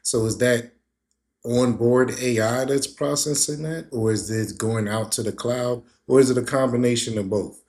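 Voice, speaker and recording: A man reacting to a video clip in loose, casual commentary. He sounds skeptical, wanders through his thoughts and often repeats words before landing on a point. His voice sits at an ordinary middle pitch. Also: fairly even intonation, moderate pace, darkish tone. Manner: skeptical, rambling, repeats words while thinking aloud.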